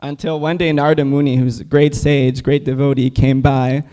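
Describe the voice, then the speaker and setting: A man's voice: mid-range voice, little pitch movement, normal speed, dark tone. A man speaking at a temple, giving a casual class on scripture with many "like" fillers. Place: temple hall.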